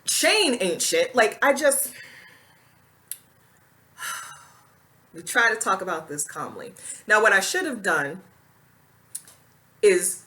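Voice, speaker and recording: A woman's voice: mid-range voice, very animated, slow pace, pauses often, pushed and bright. A woman talking straight to camera in a commentary vlog, blunt and indignant, with plenty of casual slang. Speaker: commentary vlogger.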